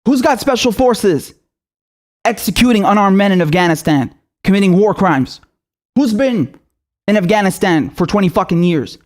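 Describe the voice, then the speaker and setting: A young man in full fury, ranting on his own political show. He swears constantly and throws accusing questions at his targets, his voice pitched high for a man and tight with anger. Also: expressive, normal speed, a little mellow. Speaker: political commentator. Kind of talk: angry political rant.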